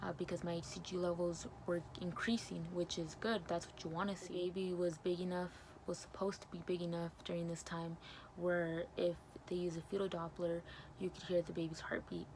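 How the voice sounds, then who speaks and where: Earnest young woman, low flat voice. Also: fairly quick, slight background noise, poor audio. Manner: emotional, earnest retelling with quoted dialogue. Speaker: vlogger. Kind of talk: personal storytime.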